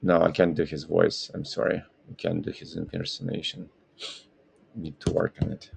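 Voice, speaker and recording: A man's voice: low voice, flat delivery, moderate pace, gravelly, a little mellow, slightly rough. A man hosting a live trading stream, rambling and correcting himself in casual market commentary. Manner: rambling, self-correcting, apologetic.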